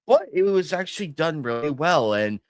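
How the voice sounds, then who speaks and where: A man's voice: fairly high pitch, big pitch swings, normal speed, no room sound, clean studio sound. A man co-hosting a watch party stream, chatting enthusiastically about cartoon episodes, laughing easily. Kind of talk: casual chat reviewing cartoon episodes.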